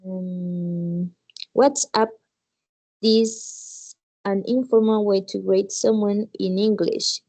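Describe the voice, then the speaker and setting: A woman student reads an English passage aloud at a slow, careful pace. Her voice is mellow and soft, and she makes small slips as she reads. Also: medium pitch, steady tone, low-quality recording. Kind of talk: reading a text aloud in class.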